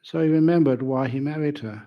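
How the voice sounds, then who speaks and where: A man, a Buddhist monk, giving a humorous dharma talk at a university with animated storytelling. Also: a little high, fairly quick, muffled recording. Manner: animated storytelling, laughs at own jokes. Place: university lecture venue.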